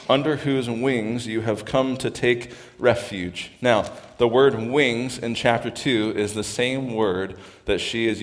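Man preaching a conversational sermon in a reverberant hall. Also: lowish voice. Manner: conversational, tries out voices when reading lines aloud. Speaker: pastor. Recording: long reverb of a large hall.

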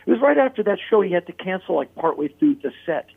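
A man with a somewhat high, gravelly voice and a husky edge tells a story in a casual interview. He talks animatedly, with plenty of "like" and "you know". The sound is thin and phone-like. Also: fast. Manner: animated, acts out quoted voices, many "like" and "you know" fillers. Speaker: interview guest. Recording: phone-like narrow-band audio.

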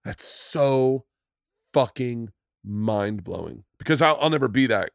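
A podcast host chats casually, laughing often and swearing easily. His voice has a gravelly edge at a middle pitch. The sound is dry and close. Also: animated, a little slow, no room sound.

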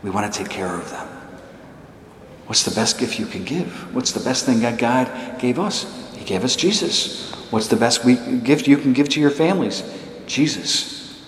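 Priest preaching in an echoing church. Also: male voice, medium pitch, lively intonation, moderate pace, a little hiss or hum. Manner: emphatic, repeats short exhortations. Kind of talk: sermon. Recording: echoey hall reverb.

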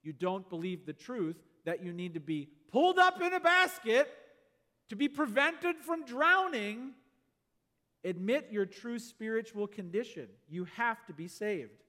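A man preaching a sermon, telling stories and swinging between loud exclamations and quiet asides. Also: high voice, very animated, moderate pace, hardly any pauses. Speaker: pastor. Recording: long hall reverb.

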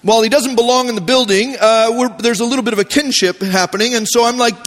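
A man preaching a sermon as pastor, telling stories in a relaxed, conversational way with animated voiced asides. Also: extremely high pitch, quick pace, hardly any pauses. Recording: long hall reverb.

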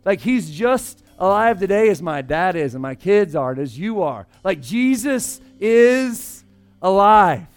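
High-voiced pastor preaching with swings. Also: male voice, animated, moderate pace, few pauses. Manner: conversational, swings between loud emphasis and hushed asides. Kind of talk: sermon.

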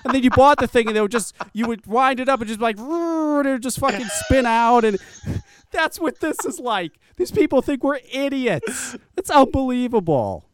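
High, lively-voiced man ranting on a podcast. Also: normal speed, clean tone, no room sound. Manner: profane, scornful, laughing rants. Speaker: podcast host. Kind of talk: casual ranting chat.

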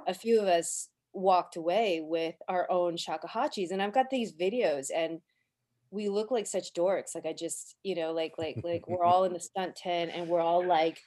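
A woman's voice: fairly low pitch, normal speed, a little mellow. A woman, a cast member, fondly recalling time on set in casual chat, with lots of "like" fillers. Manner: chatty, many "like" fillers, fond. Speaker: actor guest.

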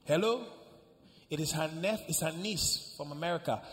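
A man pastor preaching, telling a story with sudden shouts and hushed asides. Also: fairly high pitch, a little fast, slight background noise. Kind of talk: sermon. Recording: echoey hall, faint ambience.

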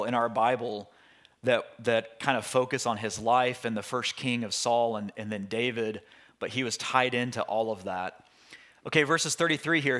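A man, a pastor, teaching through a Bible passage in a relaxed, conversational way with frequent restarts and asides. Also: mid-range voice.

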